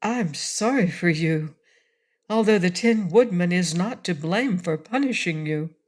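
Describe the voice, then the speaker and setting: A woman's voice: lowish voice, expressive, a little slow. A woman reading a frank woman cookie cook. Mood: earnest.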